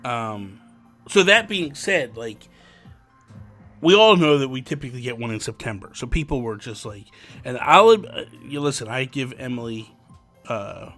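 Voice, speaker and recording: A man co-hosting a casual gaming podcast, chatty and excitable, full of fillers. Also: medium pitch, normal speed, faint music behind. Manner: chatty, excitable, many fillers like "like" and "you know". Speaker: podcast co-host.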